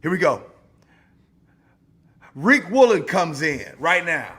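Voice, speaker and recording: An upbeat man hosts a sports podcast, steering each bit along. His voice is high and swoops widely as he talks. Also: takes it slowly, slightly rough. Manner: animated, upbeat, steering the segment. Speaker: podcast host. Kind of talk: casual sports chat.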